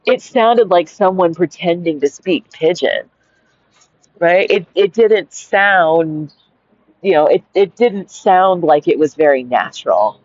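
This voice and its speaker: A woman's voice: fairly low pitch, animated, slow, darkish tone, dry recording. A woman reading her own anecdote aloud and breaking off into rambling, giggly asides full of fillers. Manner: digressive, giggly, many "like" and "right?" fillers. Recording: dull lo-fi home recording.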